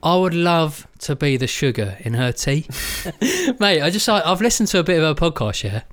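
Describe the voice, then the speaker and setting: A man's voice: on the high side, sing-song, normal speed, fairly bright tone. Joking man in podcast banter. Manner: joking, banter-heavy, calls his friend mate. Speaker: podcast co-host. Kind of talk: casual chat.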